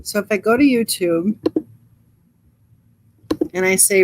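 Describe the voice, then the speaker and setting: A woman talks loosely and chattily on a livestream, drifting from thought to thought with an amused tone. Her pitch sits in the middle for a woman, and she speaks through a computer mic. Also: takes it slowly, pauses often, a little hiss or hum. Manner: reads live chat aloud. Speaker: true crime channel host. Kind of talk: casual livestream chat.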